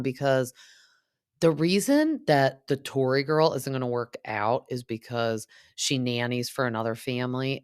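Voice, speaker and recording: Very deep-voiced woman chatting casually. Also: no room sound, clean studio sound. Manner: chatty, filler-heavy, acts out quotes. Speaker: reality TV recap host.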